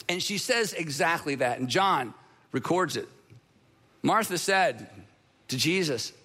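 Preaching expressively, the pastor's voice rings out high and bright. He presses his points with earnest emphasis, repeats his central phrases, and nearly stops whenever something weighty comes up.

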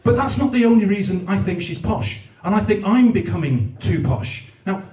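In an echoey venue hall, heard through a faraway mic, a man with a high-pitched, dark-toned voice performs animated stand-up at a moderate pace. His comedy-night routine is crude and full of swearing, with impressions of others raising their voices.

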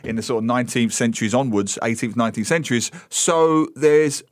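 A man from England, a guest on a radio chat, telling stories in a lively, quick way. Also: mid-range voice, dry recording, studio quality. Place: radio studio. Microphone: studio microphone.

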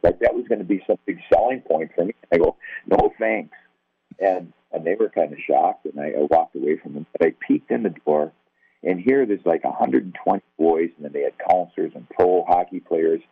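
A deep, husky older man recounts his past in a relaxed, self-deprecating way, jumping into the voices of the people in his story. The sound is thin and phone-like, with no room around it. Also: brisk, no room sound. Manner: conversational, self-deprecating, acts out quoted dialogue. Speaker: guest telling his testimony. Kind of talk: personal testimony storytelling. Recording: tinny, phone-like, dry.

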